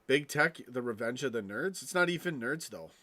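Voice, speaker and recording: A man's voice: medium pitch, expressive, normal speed, sharp tone. A man hosting a casual live stream, ranting with frequent swearing and restarts, tossing asides to his viewers. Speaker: fan channel live streamer.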